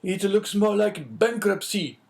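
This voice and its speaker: Brief: man doing a fretful, pleading middle-aged inspector in a storybook reading, raised, swooping pitch. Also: expressive, normal speed, darkish tone, natural voice. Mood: despairing. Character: anxious middle-aged male prison inspector, eager.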